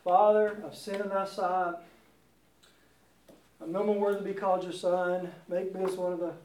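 A humbled young son recites a stiff, rehearsed apology, as a preacher acts him out. The voice sits high for a man and rings in a large, echoing room. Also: flat delivery, moderate pace, a little mellow, a little hiss or hum, close to an everyday voice. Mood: contrite. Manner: formal, rehearsed. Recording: roomy, distant mic.

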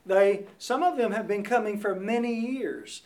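A man's voice: high voice, a little slow. A man preaching a sermon in a church, emphatic and repeating his key words, recorded from a distant mic in a roomy space.

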